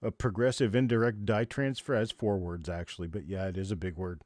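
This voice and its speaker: A man running a live coin auction, chanting bid after bid in quick repeated calls and pausing to explain the coins. His voice is low and mellow, recorded close and dry with no room sound. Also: fairly even intonation, no echo. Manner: rapid repetitive auction calling of bids. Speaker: auctioneer host.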